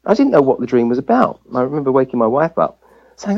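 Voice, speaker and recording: An English man recounts a personal story as an interview guest. His pitch swings widely as he acts out the voices of people he quotes. The recording is dull and lo-fi. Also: fast talker, gravelly. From England. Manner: lively anecdote-telling, acting out quoted voices. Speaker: guest, family physician.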